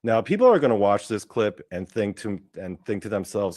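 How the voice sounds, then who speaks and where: A man hosting a show, giving casual, profane, excitable commentary as he watches a clip. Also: lowish voice, moderate pace, hardly any pauses, no echo. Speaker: podcast host.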